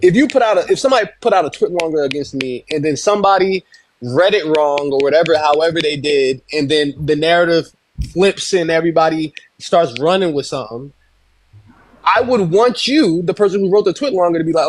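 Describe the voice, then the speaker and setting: A man co-hosting a livestream, talking casually and hesitantly with many fillers, trying to calm things down. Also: a little high, brisk, a little hiss or hum, rough recording. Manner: hesitant, filler-heavy, calming. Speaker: livestream co-host.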